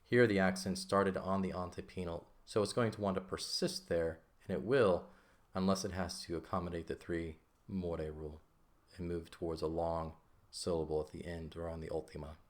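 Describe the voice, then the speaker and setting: A man's voice: low-pitched, steady tone, moderate pace, few pauses. A man teaching an ancient Greek lesson in a patient, casual way, often checking in with "okay?". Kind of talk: casual lesson explaining grammar.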